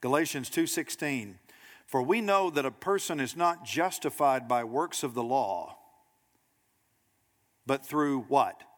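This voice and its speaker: A man preaching a sermon to a congregation, lively and direct, acting out quoted voices and asking the room questions. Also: mid-range voice, big-room sound. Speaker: pastor. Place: church sanctuary.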